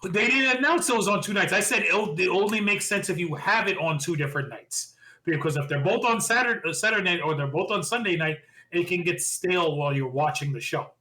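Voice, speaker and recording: A man co-hosting a podcast, casually recapping wrestling shows with animated opinions. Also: high-pitched, poor audio. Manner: animated, quick recapping with impressions of quotes. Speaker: podcast co-host.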